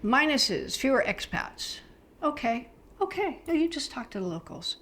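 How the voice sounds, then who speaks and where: A woman's voice: sits high, very animated, normal speed, fairly bright tone. A middle-aged woman from the United States chatting casually about travel, enthusiastic and loose, with frequent fillers. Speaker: travel vlogger.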